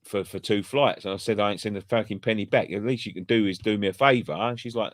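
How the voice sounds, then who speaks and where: A man's voice: lowish voice, fast, few pauses, dry recording, studio quality. A man chatting casually on a fan channel, telling sweary, rambling stories full of restarts. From England. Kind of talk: casual pub chat.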